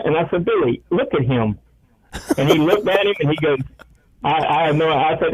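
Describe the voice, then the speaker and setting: A man's voice: fairly high pitch, normal speed. A man, a radio sports talk co-host, telling chatty football stories and acting out the quotes. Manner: chatty storyteller, acts out quotes. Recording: tinny phone-like radio line.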